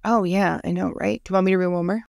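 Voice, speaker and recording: A woman's voice: lowish voice, fast talker, vocal fry, no echo, clean studio sound. A woman in her thirties, a podcast co-host, telling a creepy personal story in casual chat, swearing freely and acting out what people said. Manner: animated storytelling, swears freely, acts out quotes.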